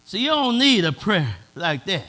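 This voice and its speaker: High-voiced pastor man preaching, aave, gets shouty, real bright tone. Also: sing-song, moderate pace. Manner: preaching in a dialect, swelling to shouts. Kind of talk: sermon.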